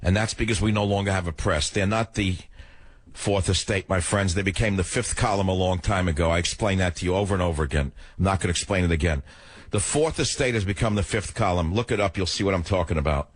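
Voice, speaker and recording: A man's voice: steady tone, fast talker, no room sound. An older man hosting a talk radio show, emotional and emphatic, in a studio. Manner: emphatic, emotional, swings between loud and low. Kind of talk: political talk radio monologue. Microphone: studio microphone.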